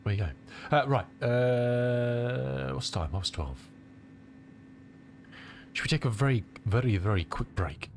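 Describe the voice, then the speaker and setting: A middle-aged man from England, slightly under the weather with a cold, talks loosely with his stream chat. His voice sits low but swings widely in pitch as he rambles through the viewers' questions. A faint rumble hums behind him. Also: big pitch swings, normal speed, long pauses. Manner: rambling, chatty, answers chat aloud. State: has a cold. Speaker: flight sim streamer.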